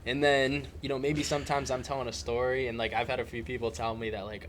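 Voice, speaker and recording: Young male guest, relaxed storyteller, mid pitch, slight noise on the track. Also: fast, hardly any pauses. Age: young adult. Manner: relaxed, easygoing storytelling with "like" fillers. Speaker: podcast guest. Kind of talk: casual chat.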